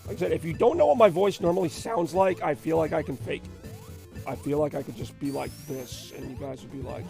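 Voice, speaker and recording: A hoarse man with a sore throat, hosting a retro gaming stream in rambling, chatty commentary. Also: on the high side, a little fast. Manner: rambling, chatty, self-deprecating. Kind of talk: casual live-stream commentary. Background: faint game music.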